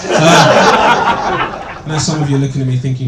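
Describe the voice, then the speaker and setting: A man doing a stand-up comedy set, deadpan and sardonic, with plenty of swearing. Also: a little high, unhurried. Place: small comedy venue, indoors, with audience. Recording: echoey room, distant, loud noise. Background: audience laughter.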